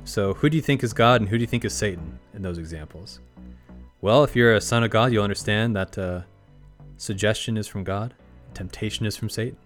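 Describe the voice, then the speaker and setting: A man hosting a spiritual podcast, talking in a calm, gently instructive way. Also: on the low side, fairly quick, faint music behind. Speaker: podcast host.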